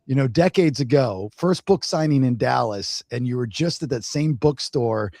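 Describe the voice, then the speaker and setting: Podcast host asking rambling questions, dry sound. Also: male voice, medium pitch, expressive, moderate pace, vocal fry, a little mellow, no room sound. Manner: rambling, loose questions with fillers. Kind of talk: casual interview chat.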